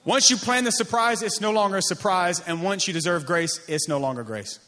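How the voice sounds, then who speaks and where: A man, a pastor, preaching a sermon in an emphatic, repetitive cadence, dropping to a soft, slow voice on key lines. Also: sits high.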